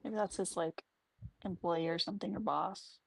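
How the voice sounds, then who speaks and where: Gravelly-voiced woman chatting casually. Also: on the low side, steady tone, normal speed. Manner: casual, chatty, product talk. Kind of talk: casual livestream chat.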